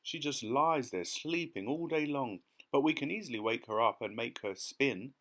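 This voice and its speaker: A man voicing an old male grasshopper who talks in an emphatic, drawn-out, fatherly way in an audiobook. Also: mid-range voice, lively intonation, fairly bright tone, pitched above the performer's own voice. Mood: exclaiming. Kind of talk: audiobook character reading.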